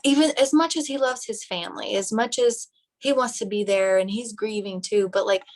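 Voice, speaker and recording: A young woman giving an animated, direct motivational talk to her team on a live phone video. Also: mid-range voice, moderate pace, poor audio. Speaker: team leader and nurse.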